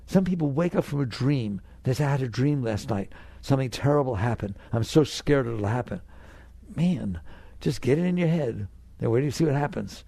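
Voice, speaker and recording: A man gives a conversational spiritual talk, casual and earnest, repeating phrases to drive his point home and acting out anxious inner voices. His medium-pitched voice is expressive, gravelly and dark, at normal speed, with no echo.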